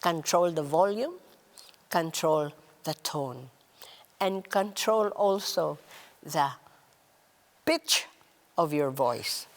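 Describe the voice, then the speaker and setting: A woman gives a slow, deliberate talk on relationships, her voice sitting fairly low. Her pitch swings widely as she stresses words, then sinks to a soft hush on key phrases. A long reverb trails behind her. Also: lively intonation. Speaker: host.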